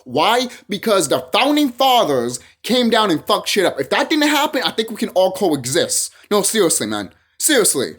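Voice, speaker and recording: A man's voice: sits high, a bit bright. Rambling, emphatic young man. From El Salvador. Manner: rambling, emphatic, profane, with restarts. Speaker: vlogger. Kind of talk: casual monologue to camera.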